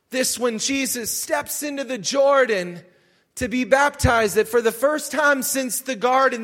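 A male pastor preaching a sermon in an animated way, shouting for emphasis. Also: extremely high pitch, creaky.

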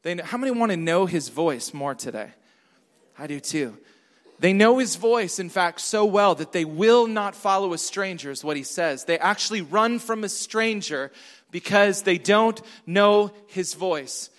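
A pastor preaching a sermon, emphatic and repetitive, asking the congregation questions. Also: male voice, high-pitched, animated, unhurried, fairly bright tone. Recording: long hall reverb.

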